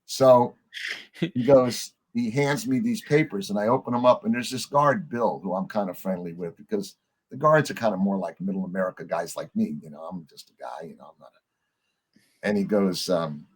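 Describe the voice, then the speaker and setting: A middle-aged man with a husky, slightly low voice tells a story on a podcast. He acts out what the other people in it said and swears casually as he goes. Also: normal speed. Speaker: podcast guest.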